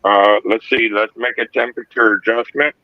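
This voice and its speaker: A man talking casually on a livestream, halting with fillers as he explains his distilling. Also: mid-range voice, steady tone, no room sound, lo-fi sound. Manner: halting, many fillers and restarts.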